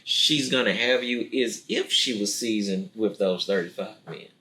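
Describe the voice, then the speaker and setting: Podcast host, male, bright and forward tone, animated talker who acts out lines. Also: moderate pace, slight background noise. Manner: animated, acts out quotes in a deep voice, laughs often. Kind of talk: casual podcast chat.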